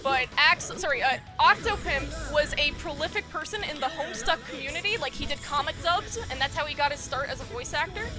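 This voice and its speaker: High-pitched giggly woman hosting a podcast. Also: lively intonation, a little fast, few pauses, music in the background. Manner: giggly, swears freely. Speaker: podcast host. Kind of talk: casual podcast chat.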